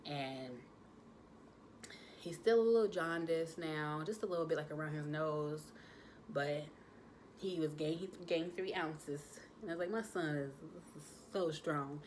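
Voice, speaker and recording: A young adult woman, chatting casually to her viewers, animated with lots of fillers. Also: low voice, measured pace, pauses often, a little hiss or hum. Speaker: vlogger, new mother.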